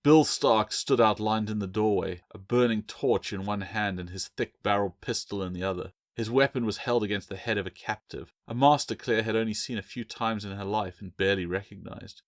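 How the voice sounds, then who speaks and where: A man, the author, narrating his fantasy novel aloud in a measured, dramatic manner. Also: lowish voice, no room sound, studio quality. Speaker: author reading own book. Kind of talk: audiobook narration.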